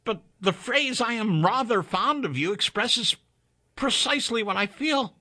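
A man's voice: very high-pitched, lively intonation, a little slow, pushed and bright, no echo, studio quality, pitched above the performer's own voice, exaggerated voice. A man playing a stiff, nervous young suitor. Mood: earnest. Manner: stiff, formal, hesitant. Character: precise, nervous young man, student of love.

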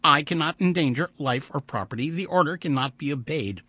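A man voicing a calm, obedient male android who speaks in a flat, mechanical way. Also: a little high, a little fast, slightly rough, no echo, voice pushed up, heavily acted.

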